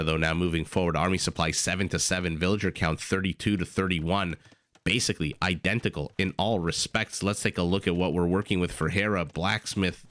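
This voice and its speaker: A man with a low, bright, forceful voice calls a strategy game match play by play. He jumps between quick analysis and excited asides. He speaks close to the mic in a dry room. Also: no echo. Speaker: esports caster. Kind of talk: live play-by-play commentary.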